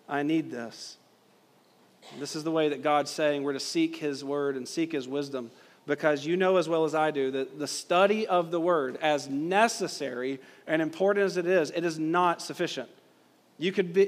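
A male pastor preaching a sermon, emphatic and driving points home with rhetorical questions. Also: on the high side. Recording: long reverb of a hall.

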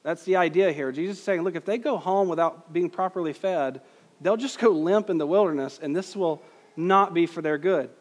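A man's voice: high voice, moderate pace, big-room sound. A man preaching a conversational sermon as pastor, putting questions to the congregation.

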